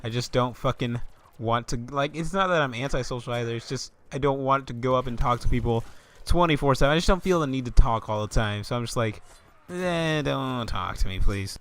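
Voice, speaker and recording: A man's voice: mid-range voice, fast talker, fairly bright tone. A young man ranting in a comedic vlog, swearing often and stammering into exasperated outbursts. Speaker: vlogger.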